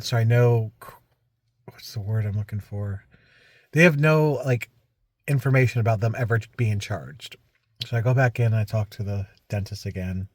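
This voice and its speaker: A man's voice: fairly low pitch, a little mellow, dry recording, studio quality. A man talking casually to camera in a rambling vlog, recounting a frustrating week with many restarts and asides. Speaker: vlogger.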